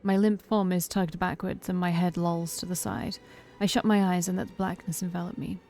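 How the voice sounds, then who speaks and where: Woman streamer, reads game narration aloud, mellow voice, mid pitch, faint music under. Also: normal speed. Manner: steady, calm reading with brief asides. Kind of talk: reading a game's narration aloud.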